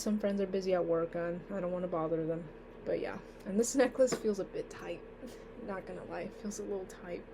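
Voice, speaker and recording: A woman's voice: mid-range voice, darkish tone, slight background noise. Sleepy young woman rambling in a vlog. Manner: rambling, with many fillers and trailing "so yeah". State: sleepy and tired. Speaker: vlogger. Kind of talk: casual vlog chat.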